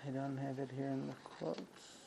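A man teaching a class, working through a Talmud story from memory. He stops often with ums and corrects himself as he goes. His voice sits at an everyday middle pitch, and he picks up energy when he quotes the people in the story. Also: gravelly, slight background noise. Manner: halting, many ums and self-corrections, lively when quoting.

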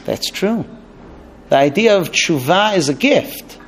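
A man teaches a Torah class in a high voice with lively intonation and a measured pace, against slight background noise. Earnest and conversational, he tells a personal story, with restarts and light laughs.

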